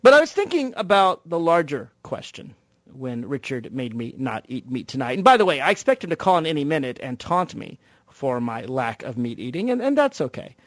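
A man hosting a talk show, delivering an animated monologue full of rhetorical questions. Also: medium pitch, fairly quick, dry recording. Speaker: radio talk show host.

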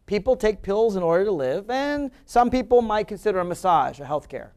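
A man's voice: high voice, animated, fairly quick, hardly any pauses, a little mellow. A man hosting a political talk radio show, delivering an emphatic, argumentative monologue that mocks his opponents.

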